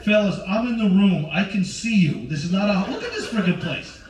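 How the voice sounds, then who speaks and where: Animated and fairly quick, a man's high-sitting voice comes through a low-quality recording made from a distance in a roomy space. He's a stand-up comedian in his forties on a cruise ship, brash and teasing as he talks to the audience.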